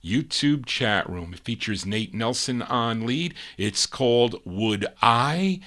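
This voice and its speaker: A man hosting a live radio-style record show, chatting casually between songs and pausing now and then to recall details. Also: medium pitch, lively intonation, fairly bright tone. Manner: easygoing and chatty, with frequent pauses to recall details.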